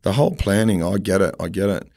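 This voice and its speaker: Deep bloke hosting a chat, blunt storyteller, swears a lot. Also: male voice, fairly even intonation, fast talker, warm tone. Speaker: podcast host. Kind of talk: casual interview chat.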